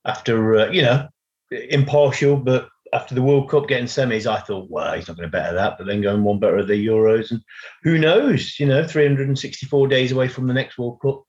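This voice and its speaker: A man's voice: mid-range voice, fairly even intonation, brisk, darkish tone, dull audio. An Irish man, a football commentator guesting on a casual podcast, talking in an easygoing way with lots of fillers. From Ireland.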